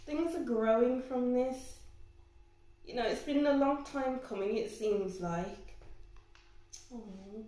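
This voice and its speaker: A woman's voice: on the high side, takes it slowly, pauses often, mellow. A young woman giving a pick-a-card tarot reading, often exclaiming and getting emotional. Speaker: tarot reader. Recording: very echoey room.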